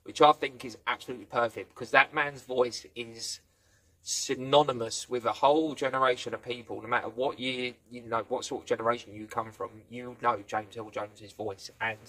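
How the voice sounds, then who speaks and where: A man's voice: mid-range voice, fairly even intonation, moderate pace, sharp tone. A man giving a casual spoken review, rambling through the plot and playfully acting out quoted lines. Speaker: film and TV reviewer.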